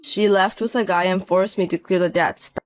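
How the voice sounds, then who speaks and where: A man's voice: high voice, steady tone, moderate pace, dry recording, soft background music, natural voice. A man in his fifties voicing a broke, desperate ex-husband who talks in a pleading, self-pitying way, in a narrated audio drama. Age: 50s.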